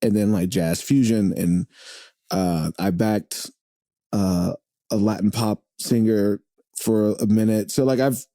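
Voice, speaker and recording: A man chatting as a guest in a relaxed interview, his voice dark and mellow with a fairly low pitch. He rambles, doubles back and fills gaps with "uh" and "like". The sound is close and dry, with no room echo. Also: takes it slowly. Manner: rambling, many fillers and restarts. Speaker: podcast guest, drummer and radio host. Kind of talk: casual interview chat. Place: host's home.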